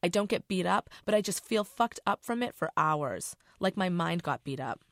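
A middle-aged woman author reads her own novel aloud in a low voice. Her first-person narration is casual and profane, and the sound is dry and close. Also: animated, normal speed, dry recording.

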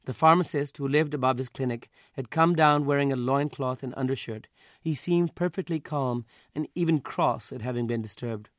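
A man's voice: mid-range voice, normal speed, no echo. Man reading his own story, dry sound. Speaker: author reading his fiction. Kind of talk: literary reading.

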